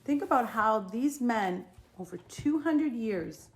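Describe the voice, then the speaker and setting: A woman's voice: a little high, expressive, takes it slowly, echoey room. Middle-aged Boston woman, podcast guest, firm, opinionated, repeats herself for emphasis, slight hiss. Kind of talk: casual political chat.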